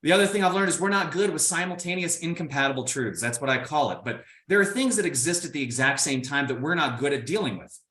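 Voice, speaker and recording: Giving a motivational keynote, a playful, animated Indiana man talks straight to the crowd. His slightly high voice runs fast with hardly any pauses, and the sound is roomy.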